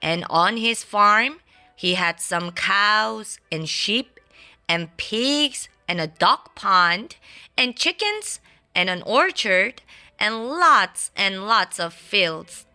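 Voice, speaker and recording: A bright-voiced woman reads a children's storybook very slowly at a medium pitch, playful and expressive, adding sound effects. Faint classical music plays in the background.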